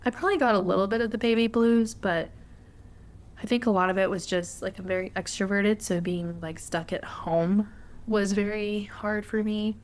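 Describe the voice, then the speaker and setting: This podcast host is a young woman with a mid-range voice, fairly even intonation and normal speed. She relates a personal story candidly and conversationally, leaning often on filler words.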